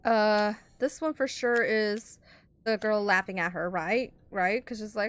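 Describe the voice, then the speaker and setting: A woman's voice: medium pitch, unhurried. A woman commentating a horror video game as she plays, jumpy and chatty, talking both to the game and to her viewers. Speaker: gaming streamer.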